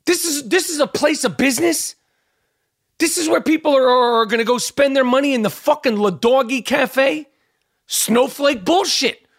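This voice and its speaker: A man's voice: very high-pitched, moderate pace, creaky, fairly bright tone, no room sound, studio quality. A middle-aged man hosting his own podcast, ranting in a heated, profane, rambling way with lots of stammered restarts. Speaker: podcast host. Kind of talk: ranting monologue.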